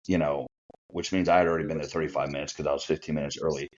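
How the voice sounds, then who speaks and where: A man's voice: rumbling low, steady tone, rapid-fire. A middle-aged man, a retired Marine officer, telling an anecdote in a chatty way on a podcast. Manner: chatty anecdotal delivery with fillers. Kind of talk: casual storytelling. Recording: muffled lo-fi audio.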